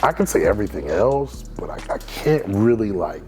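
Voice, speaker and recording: A man in his thirties from Kansas City, telling stories in a casual interview, chatty and animated, with lots of fillers and restarts. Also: on the low side, moderate pace. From Kansas City, USA. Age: 30s. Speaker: food reviewer being interviewed.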